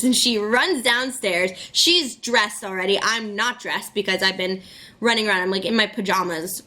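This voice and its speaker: A young woman vlogger telling a story to the camera in an excitable, chatty way, with plenty of fillers. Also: mid-range voice, moderate pace.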